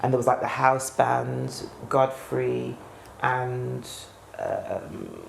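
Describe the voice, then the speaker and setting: A woman's voice: a bass voice, steady tone, very slow, gravelly, slight background noise. A woman who sang in a choir, reminiscing casually in an interview and searching for memories. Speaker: choir singer. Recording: echoey room with faint ambience.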